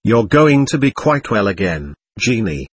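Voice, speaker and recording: Soothing motherly rest-home matron, read by a man; husky, with lively pitch. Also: unhurried, exaggerated voice. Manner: soothing, reassuring. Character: gentle motherly woman, head of a rest home. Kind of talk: read-aloud story.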